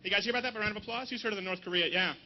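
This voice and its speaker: A man's voice: high voice, rapid-fire, dull audio. A man raised in Canada doing a stand-up comedy set at an outdoor rally, with punchy delivery and mocking asides.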